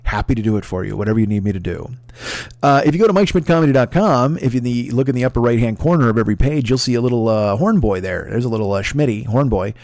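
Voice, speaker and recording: A man riffs through a comedy podcast monologue, cursing freely and rambling from tangent to tangent. His voice sits in a middle pitch and jumps into loud, excitable bursts. The recording is dry and close, with no room echo. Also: fast talker. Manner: rambling, profane and excitable, with sudden loud outbursts. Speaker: podcast host.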